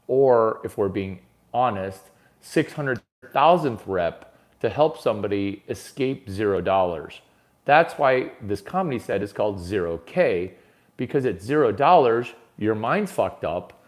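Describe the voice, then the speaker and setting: A man doing a rambling stand-up monologue, brash and profane, swinging from mutters to shouts. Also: on the low side, animated, a little slow. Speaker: comedian.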